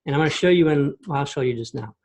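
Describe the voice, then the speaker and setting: A man giving a casual screen-share walkthrough of software on a video call, explaining step by step and checking in with "okay?" and "right?". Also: fairly high pitch, rapid-fire, creaky. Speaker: software demo host. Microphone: computer mic on a video call.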